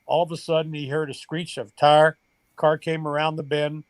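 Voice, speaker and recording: An older man tells a long personal story in an earnest, emotional way, his voice sitting a little high for a man. The sound is dry and close, with no room around it. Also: flat delivery, moderate pace, no echo. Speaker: guest, retired baseball coach. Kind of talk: storytelling in a podcast interview.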